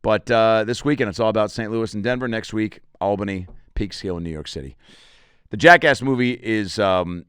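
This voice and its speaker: A man's voice: on the low side, normal speed, fairly bright tone, clear, resonant tone, dry recording, studio quality. A man, a comedian and podcast host, talking in a rambling, crude, joking way while plugging his shows. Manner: rambling and crude, with self-promotion and jokey asides. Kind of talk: casual podcast monologue.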